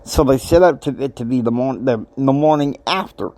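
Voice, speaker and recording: A man's voice: medium pitch, brisk, darkish tone. A man telling a personal story, emotional and acting out the voices of people he quotes.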